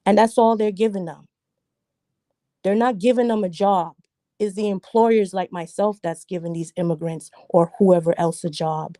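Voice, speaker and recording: A woman from Jamaica speaks on a livestream discussion panel, pressing her argument hard and hammering it home with repeated phrases. Her voice is warm and mellow. It sounds dry and close, with no room echo. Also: medium pitch, moderate pace. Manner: emphatic, argumentative, repeats points for stress.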